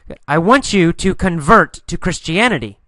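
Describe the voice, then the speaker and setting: A man teaching an English listening lesson, telling a mini story and repeating each line slowly and clearly for learners. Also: high voice, animated, pushed and bright, dry recording, clean studio sound. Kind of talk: guided story narration with instructions.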